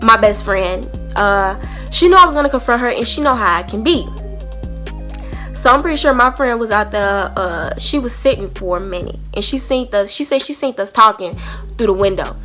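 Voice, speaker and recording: A young woman, telling an animated storytime to camera and acting out both sides of a heated argument. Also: medium pitch, moderate pace, soft background music. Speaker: storytime vlogger.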